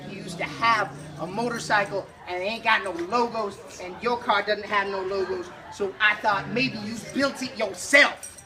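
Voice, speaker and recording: A man's voice: high-pitched, steady tone, normal speed, hardly any pauses, crowd noise, close to an everyday voice. A man voicing a blunt, rambling, very old woman who is nosy and speaks ungrammatically.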